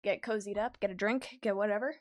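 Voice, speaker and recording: A young woman streamer chatting casually with her viewers while she draws, easily excited and quick to laugh. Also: medium pitch, no echo. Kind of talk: casual livestream chat while drawing.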